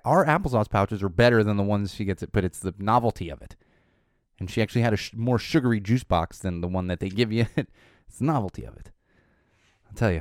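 Dad ranting casually, low voice jumping way up when he quotes his kid, dry sound. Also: no room sound. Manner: exasperated, jumps into animated high quoting of his kid. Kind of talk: casual monologue.

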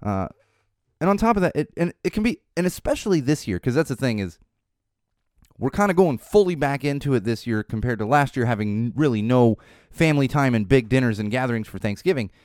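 Wry, animated man rambling casually. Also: medium pitch, brisk, dry recording, clean studio sound. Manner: rambling, wry, repeats words while restarting. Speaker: podcast host. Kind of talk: casual solo commentary.

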